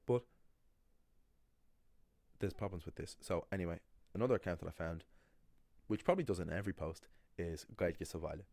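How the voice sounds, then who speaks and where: A man's voice: low voice, brisk, gravelly, pauses often, a little mellow, no echo. A man teaching Irish pronunciation, emphatic and critical as he points out common mistakes. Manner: emphatic, critical, with frequent restarts. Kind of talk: explaining pronunciation to learners.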